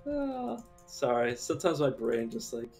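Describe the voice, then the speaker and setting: A man's voice: medium pitch, huge pitch swings, a little slow, gravelly, a little mellow, faint music behind. A man giving casual, rambling commentary while streaming a game, chatty and given to casual swearing.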